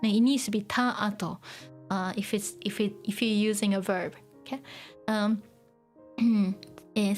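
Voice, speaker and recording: A woman's voice: medium pitch, darkish tone. Woman, language teacher, casual lesson, chatty with fillers and laughs, faint background music. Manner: chatty, mixes Japanese and English, frequent fillers and little laughs.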